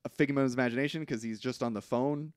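A man co-hosting a podcast, casually recapping a film in an animated way, acting out quotes and often hedging. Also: medium pitch, rapid-fire, clear, resonant tone, no echo, studio quality. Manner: animated retelling with acted-out quotes, frequent hedging. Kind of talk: casual chat.

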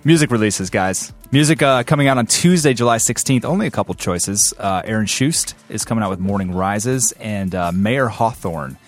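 A man's voice: on the low side, expressive, moderate pace, hardly any pauses, faint music behind. A man hosting a casual podcast, chatting with his co-hosts and reading out the week's releases. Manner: steers the talk, reads out release lists. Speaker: podcast host.

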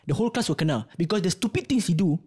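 A young man with a Singaporean English accent, co-hosting a podcast and telling stories in a casual, animated way, swearing freely. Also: sits high, very fast, husky. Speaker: podcast co-host. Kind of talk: casual storytelling chat.

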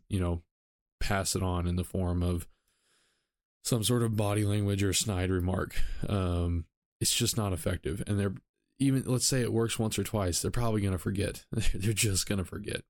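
A man's voice: low voice, darkish tone, dry recording, clean studio sound. A man hosting a solo podcast, talking casually with frequent ums and self-corrections. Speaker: podcast host.

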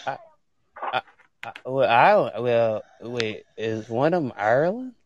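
A man's voice: medium pitch, expressive, slow, muffled recording, slight background noise. A man on a casual podcast call, hesitant and often restarting his sentences. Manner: hesitant, laughing, stumbling starts.

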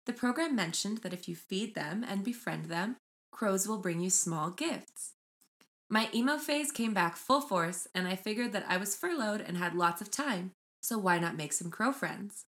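A woman's voice: mid-range voice, lively intonation, moderate pace, fairly bright tone. Young woman podcast cohost, chatty, does little voices when she retells stuff. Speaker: podcast co-host. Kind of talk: casual chat and reading a story aloud.

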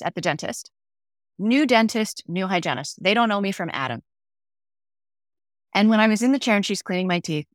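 A woman's voice: on the low side, dry recording, studio quality. Reflective middle-aged woman telling stories. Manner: reflective, acts out quoted dialogue. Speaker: podcast guest. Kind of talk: conversational interview storytelling.

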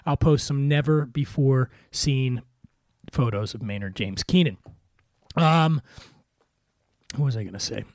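A man from Philadelphia hosting a podcast, a little weary, delivering a wry scripted comic monologue in a deadpan way. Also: mid-range voice, a little slow, long pauses, no room sound, studio quality. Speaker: podcast host.

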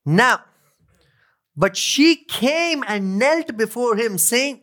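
A man's voice: high voice, lively intonation, slow pace, a bit bright. A male pastor preaching a sermon, reading scripture aloud, repeating key phrases and asking his listeners questions. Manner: asks the congregation questions.

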